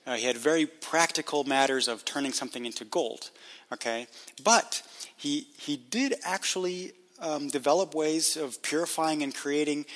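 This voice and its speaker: A man's voice: mid-range voice, fairly bright tone. Man explaining history in a reverberant room. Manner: explanatory, halting with restarts. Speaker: podcast co-host. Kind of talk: casual history podcast chat.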